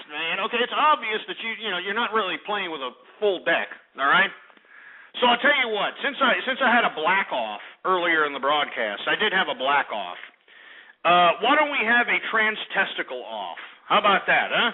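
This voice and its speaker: A man's voice: on the high side, sing-song, normal speed. Brash, insulting radio host man. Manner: brash, insulting, profane, rambling. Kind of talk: call-in radio talk. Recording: tinny phone-like radio audio.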